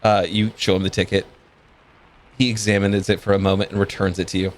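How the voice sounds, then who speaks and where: A man narrating as game master of a tabletop game, describing scenes in a relaxed way with frequent ums and uhs. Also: low-pitched, fairly quick.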